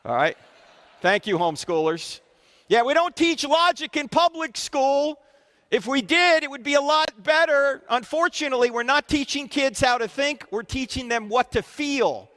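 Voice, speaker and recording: A man's voice: very high voice, lively intonation, normal speed, fairly bright tone. A man giving a live lecture to a student audience in a university auditorium, quizzing them with questions as he goes. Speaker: Christian apologetics speaker. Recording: reverberant hall.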